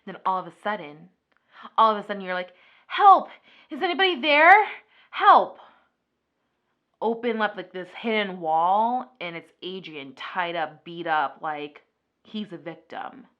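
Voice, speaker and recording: A woman vlogger chatting casually through a makeup video, retelling a story in an animated way with lots of filler words. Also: on the low side, normal speed, dull audio. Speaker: beauty vlogger. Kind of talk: casual makeup vlog chat.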